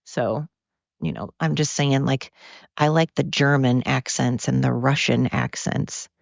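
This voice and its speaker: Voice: medium pitch, gravelly, dry recording. An American podcast host in a casual, profane monologue, tired from overwork and going off on tangents. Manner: rambling, profane, goes off on tangents. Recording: dull lo-fi dry recording.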